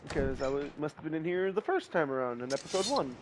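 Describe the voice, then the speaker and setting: A man rambles through a casual game live stream, muttering to himself and humming along. His voice sits a touch high. Clear noise and clicks from the mic run under everything. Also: sing-song, fast. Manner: rambling, talks to himself, hums.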